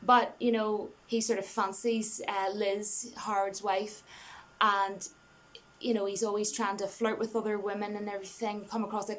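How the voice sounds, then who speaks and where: A woman's voice: mid-range voice, level tone, normal speed. A woman giving a casual, rambling film review, enthusiastic and laughing between points, full of "you know" and restarts.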